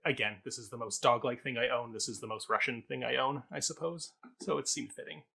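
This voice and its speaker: A man's voice: mid-range voice, a little fast, creaky, sharp tone, husky. A man who co-produces the show, chatting in a playful, self-deprecating way. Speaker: co-producer and panelist. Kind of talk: casual chat.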